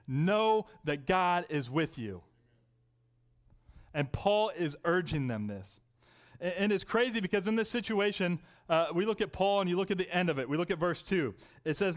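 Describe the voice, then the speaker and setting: A man's voice: high-pitched, animated, normal speed. A young adult man preaching a sermon, conversational and telling personal stories. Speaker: pastor.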